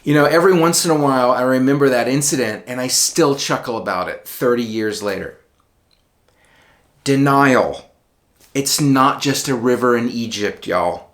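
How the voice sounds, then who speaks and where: A middle-aged man tells a personal story straight to the camera in a wry, conversational way. He makes dry, self-mocking asides, and his voice sits at an ordinary middle pitch. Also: moderate pace, fairly bright tone. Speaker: video essayist.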